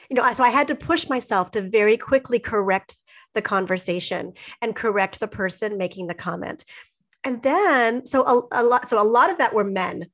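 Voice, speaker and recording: A woman, co-hosting a podcast and telling her stories in a lively, emphatic casual chat. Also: on the high side, normal speed. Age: 50s. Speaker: podcast co-host.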